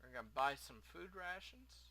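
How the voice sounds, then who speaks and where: A man's voice: fairly high pitch, lively intonation, moderate pace, pushed and bright, rough recording. A man hosting a game playthrough, commenting casually with wry, offhand humor. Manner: wry, offhand, self-mocking. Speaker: let's play host.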